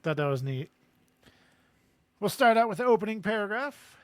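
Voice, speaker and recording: A man with a high voice co-hosts a relaxed book podcast, chatting and reading chapter passages aloud. He laughs easily mid-sentence. The sound is dry and close, with no room around it. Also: normal speed, no echo. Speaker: podcast co-host. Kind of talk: casual book-discussion chat and reading aloud.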